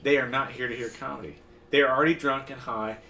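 A man's voice: medium pitch, steady tone, quick pace, bright, forceful tone. A man co-hosting a comedy podcast, blunt and emphatic in casual chat. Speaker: comedian, co-host. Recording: roomy, mic a bit far.

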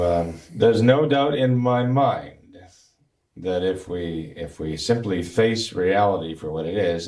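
A man, a priest, talking earnestly in an interview with a gravelly, recovering voice and preaching restarts. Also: low-pitched, a little mellow. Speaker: priest guest. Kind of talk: talk show interview.

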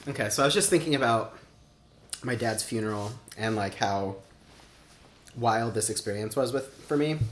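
In an oral history interview, a man in his thirties chats casually through personal stories, leaning on "like" fillers and acting out quotes. His medium-pitched voice moves at a normal speed with long pauses, and the room echoes, with a little hiss or hum.

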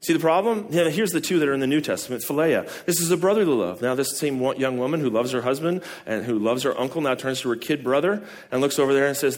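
A man's voice: medium pitch, fast, few pauses. A man preaching a sermon as a pastor, talking to the congregation in a conversational way, asking questions and acting out short quoted lines.

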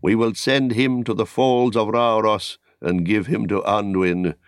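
A man's voice: lowish voice, fairly even intonation, measured pace, no room sound, clean studio sound. A man reading as a grave, weary warrior leader. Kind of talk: audiobook character reading.

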